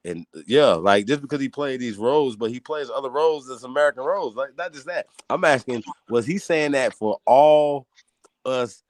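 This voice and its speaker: A man hosting a casual podcast, talking in a heated, profane, excitable way and jumping up high in pitch when he gets riled. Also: normal speed, no room sound. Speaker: host.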